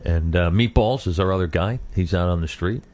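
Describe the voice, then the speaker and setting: A man's voice: low voice, brisk, a little mellow. A man hosting a morning radio show, chatting casually and laughing easily. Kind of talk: casual on-air banter. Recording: radio aircheck with faint hiss.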